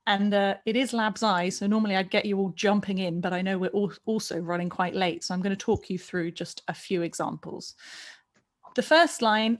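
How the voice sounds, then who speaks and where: A woman coaching a barbershop chorus over a video call, talking through expression line by line and singing short example phrases. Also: mid-range voice. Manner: warm, encouraging, sings and speaks example lines. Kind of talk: online singing workshop.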